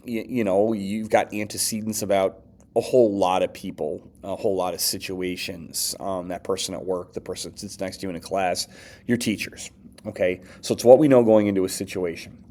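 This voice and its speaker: Male teacher, lowish voice, relaxed conversational lecture delivery, acts out quick examples. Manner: conversational, frequent okays and restarts, acts out quoted lines. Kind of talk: casual classroom lecture.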